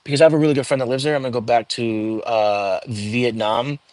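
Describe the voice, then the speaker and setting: A middle-aged man chats through his livestream, answering questions from viewers one after another. He talks quickly, in a medium pitch. The sound is dry and close, with no room echo. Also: fairly even intonation, a little mellow. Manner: chatty, answers questions from the chat. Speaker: livestream host. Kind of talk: casual livestream chat, reading viewer comments.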